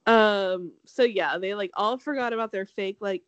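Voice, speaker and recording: A young woman co-hosting a casual chat, talking fast and loose, laughing often and acting out quotes. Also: clean tone, no echo, highs cut off. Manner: chatty, laughs often, acts out quotes with big pitch jumps. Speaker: podcast co-host. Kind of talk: casual chat recapping a reality show.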